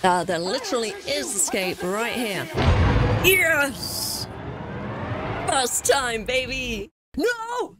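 A woman streamer giving loud, excitable commentary while playing a game, swearing freely. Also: a little high, slow, loud music behind the voice. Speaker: gaming streamer. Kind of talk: live let's-play commentary.

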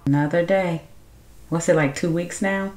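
A woman hosting a movie reaction, outspoken and loud, laughing often and talking straight to her viewers. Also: fairly low pitch, fairly even intonation, normal speed, reverberant. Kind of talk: casual reaction commentary to viewers.

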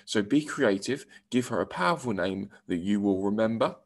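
A man's voice: fairly low pitch, animated, moderate pace. A male primary school teacher giving a recorded English lesson, explaining step by step and reading example lines aloud.

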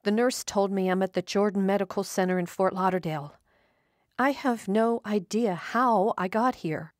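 A woman voicing a confused older woman who has lost her memory, hesitant and slow. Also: medium pitch, dry recording, clean studio sound, lightly acted. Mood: bewildered. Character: confused older woman, injured amnesiac patient.

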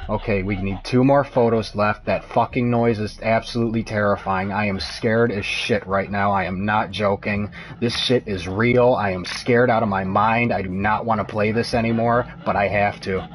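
A man's voice: lowish voice, a little hiss or hum. A young man streaming a horror game, muttering and cursing nervously, breaking into frightened yelps. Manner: profane, jumpy, muttering and yelping with fear. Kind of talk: frightened live gameplay commentary.

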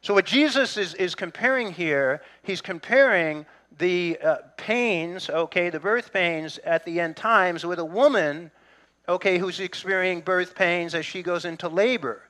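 Bright-voiced preaching man, lively asides. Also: high-pitched, measured pace. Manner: conversational preaching with humor and asides to the congregation. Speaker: pastor. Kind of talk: sermon.

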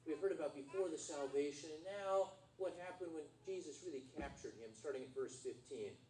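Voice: mid-range voice, a little fast, darkish tone. Conversational pastor preaching in an echoey church. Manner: conversational, quizzes the congregation. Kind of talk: sermon. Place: church sanctuary. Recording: roomy church hall from far off, faint noise.

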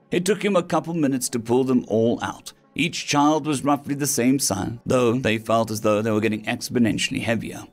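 A man narrating a science-fiction story in a dramatic, expressive reading style. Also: medium pitch. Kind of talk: scripted sci-fi story narration. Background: faint background music.

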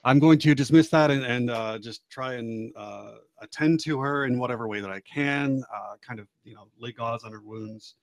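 A man's voice: medium pitch, normal speed, few pauses, dry recording. A man playing in a tabletop game, chatting casually and explaining the plot. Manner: chatty, explains things, fillers. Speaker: player.

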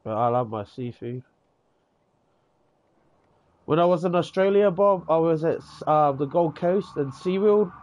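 A New Zealand man's voice sits on the high side with lively intonation, a measured pace and long pauses, sounding darkish with the highs cut off. Chatting casually in a game's voice chat with his New Zealand accent, he rambles, swears freely and tags on "eh" and "bro".

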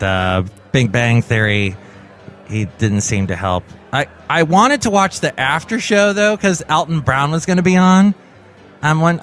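A man's voice: on the high side, a bit bright. A man hosting his own daily podcast from home, rambling in a jokey, sarcastic monologue. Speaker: podcast host. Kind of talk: casual comedic monologue.

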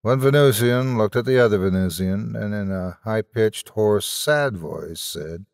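A man's voice: on the low side, measured pace, creaky, darkish tone, dry recording, clean studio sound, big-room sound. A man narrating a comic science-fiction story in a theatrical, wry manner.

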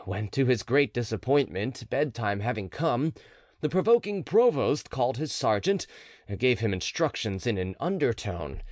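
A man narrating a classic story as an audiobook, with expressive storytelling. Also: mid-range voice, no room sound, clean studio sound.

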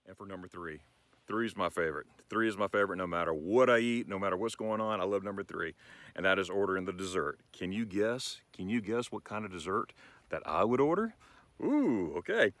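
A man hosting a casual vlog lesson on ordering food in German, talking in a playful, enthusiastic way and slowing down for the German phrases. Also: medium pitch, a bit bright, dry recording. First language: English. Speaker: channel host teaching German phrases.

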